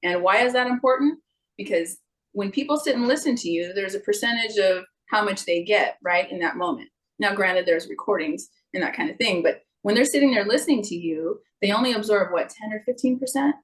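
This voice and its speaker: Middle-aged woman vocal coach, chatty and expressive, pops into goofy voices, average pitch. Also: a little fast, poor audio. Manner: expressive, jumps into playful character voices. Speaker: guest, singer and vocal coach. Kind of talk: casual interview chat.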